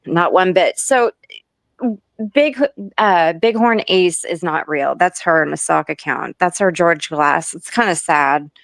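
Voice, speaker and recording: A woman's voice: fairly low pitch, a little slow, creaky, dry recording. A woman telling a long gossip story in casual chat, rambling and laughing often between lines.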